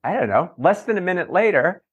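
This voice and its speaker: A middle-aged man, a journalist and author, telling lively, self-mocking stories in a casual interview. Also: high-pitched, brisk, breathy edge, highs cut off. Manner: animated, self-mocking anecdotes with playful voices. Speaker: entertainment journalist and author, guest.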